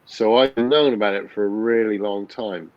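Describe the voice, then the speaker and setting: A man's voice: lowish voice, normal speed, no room sound, dull audio. A man in his fifties, a guest telling a personal story in a blunt, candid way, swearing freely and often restarting his sentences. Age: 50s.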